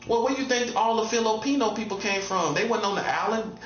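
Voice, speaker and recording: A man's voice: sits high, brisk, a bit bright, reverberant, a little hiss or hum. Man, self-styled prophet, repetitive rhetorical monologue; dull lo-fi recording. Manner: repetitive, drives points home with rhetorical questions. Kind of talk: casual preaching monologue.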